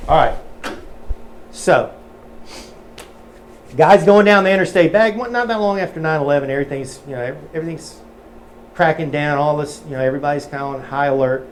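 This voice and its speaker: A man's voice: on the high side, slight background noise. A man teaching a technical webinar in a casual, folksy way with many fillers. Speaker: metering trainer. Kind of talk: webinar teaching and joke-telling.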